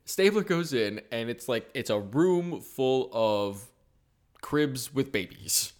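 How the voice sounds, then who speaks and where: A man's voice: mid-range voice, lively intonation, slow. A man co-hosting a casual podcast, recapping a TV episode with profane jokes and frequent laughs. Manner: joking, profane, laughs often. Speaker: podcast co-host.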